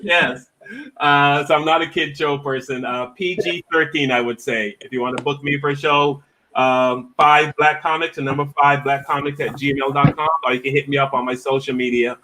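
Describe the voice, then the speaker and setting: Comedian guy hosting, bright punchy voice, jokey, lots of uh's and laughs. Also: medium pitch, steady tone, normal speed, rough recording. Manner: laughing, joking, filler-heavy. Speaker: comedian and show host. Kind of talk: casual chat, hosting.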